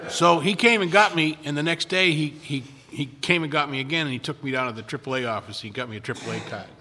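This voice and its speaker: Long hall reverb carries the bright, forceful voice of an older man speaking fast and on the high side. He shares his recovery story casually, rambling and stammering with many stops and restarts.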